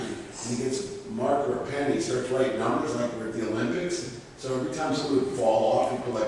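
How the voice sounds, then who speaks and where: A man telling stories on a convention panel in a casual, animated way, acting out other people's lines as he goes. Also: mid-range voice. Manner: animated, acts out voices in anecdotes. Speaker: convention organizer. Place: large convention hall, mic from afar. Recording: echoey hall, heard from far off.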